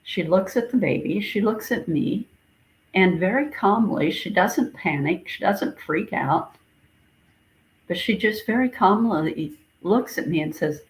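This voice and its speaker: Slow, gentle woman minister. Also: mid-range voice, expressive, poor audio. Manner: slow, gentle, reflective storytelling with repeated phrases. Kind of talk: sermon recounting a dream.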